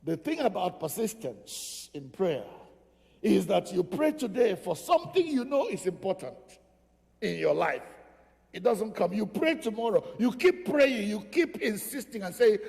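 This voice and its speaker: A man's voice: high voice, very animated, unhurried, creaky, darkish tone. A man preaching a sermon as pastor, emphatic and repeating phrases for stress. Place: church sanctuary. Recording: reverberant church hall.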